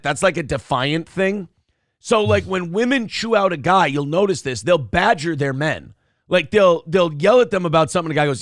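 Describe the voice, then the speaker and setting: A man's voice: on the high side, fairly quick, dry recording, studio quality. A man co-hosting a casual morning show, telling stories with crude, swearing banter. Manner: animated, crude, lots of swearing. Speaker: podcast co-host.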